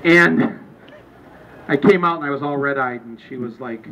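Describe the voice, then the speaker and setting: A man's voice: mid-range voice, moderate pace, a bit bright, a little hiss or hum. A man speaking informally to a live audience at a book event, rambling and restarting his sentences as he goes. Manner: rambling and conversational, with many restarts. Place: store during a book event. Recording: distant, muffled recording with faint ambience.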